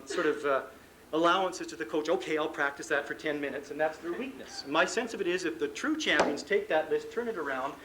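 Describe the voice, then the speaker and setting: Fast-talking Canadian man giving a seminar. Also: a little high, a little hiss or hum, low-quality recording. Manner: lively storytelling, acts out what athletes say; frequent restarts and repeated words. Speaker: sports psychologist giving a coaching seminar. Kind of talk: live seminar lecture. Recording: archival 1989 live talk recording.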